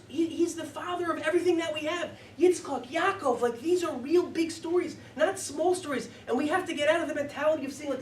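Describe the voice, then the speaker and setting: A man, a rabbi, giving an animated Torah lecture with emphatic stresses and frequent "like". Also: extremely high pitch, a little hiss or hum. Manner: animated, emphatic, says "like" often. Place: hall. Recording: echoey room, distant mic.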